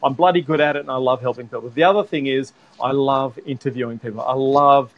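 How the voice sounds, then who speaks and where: A man's voice: mid-range voice, steady tone, lo-fi sound. An Australian man, a livestreamer guest, chatting on a panel in an enthusiastic, emphatic way. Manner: enthusiastic, emphatic, quick bursts of laughter. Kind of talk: casual panel chat.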